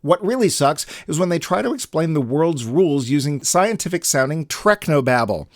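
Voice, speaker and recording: A man's voice: fairly high pitch, sing-song, normal speed, no echo. A man co-hosting a casual podcast, joking and reading listener quotes aloud. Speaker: podcast co-host.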